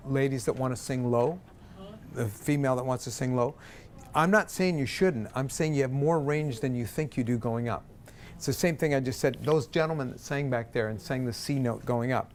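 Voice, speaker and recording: A man's voice: medium pitch, a little mellow, slight background noise. A man directing a choir, counting the singers in and singing short phrases to show them. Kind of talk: vocal coaching a group. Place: room with a singing group.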